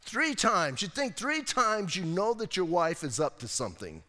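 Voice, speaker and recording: Male pastor, conversational sermon, animated asides, slightly high voice, long church reverb. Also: moderate pace. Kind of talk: expository sermon. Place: church sanctuary. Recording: echoey church hall.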